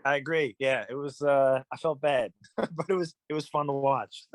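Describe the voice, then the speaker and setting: A man, a musician guest on a podcast, telling stories in a relaxed, rambling way with many fillers. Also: a little high, unhurried, no room sound. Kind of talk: casual storytelling in an interview.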